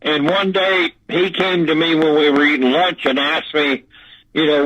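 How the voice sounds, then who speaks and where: An older man recounts his story from a phone line that sounds dull and lo-fi. His voice sits a little high for a man, and he stumbles, restarts and repeats words as he goes. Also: level tone, a bit bright. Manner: halting, repeats words, drawling. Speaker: guest recounting an encounter. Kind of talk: casual storytelling.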